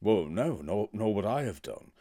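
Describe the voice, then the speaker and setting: A man's voice: on the low side, moderate pace. A man with a Liverpudlian accent, a drama teacher co-hosting a casual podcast chat and telling anecdotes. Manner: animated storyteller, laughs while telling anecdotes. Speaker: podcast co-host.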